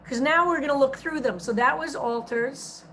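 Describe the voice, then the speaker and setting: A woman rabbi teaching a text study over a video call, reading translations slowly and stressing each phrase. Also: high-pitched, sharp tone, slight background noise.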